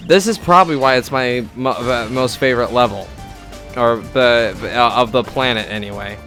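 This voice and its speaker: A man's voice: medium pitch, a bit bright, faint music behind. Rambling young man narrating gameplay. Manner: rambling, halting, full of fillers and restarts. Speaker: gameplay commentator. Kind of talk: casual let's-play commentary.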